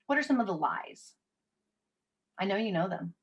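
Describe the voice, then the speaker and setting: A workshop facilitator in her thirties runs a live online session over video call, talking conversationally and directly and often reading the audience's chat aloud. Her voice is medium-pitched with lively intonation at a normal speed, though the recording is muffled.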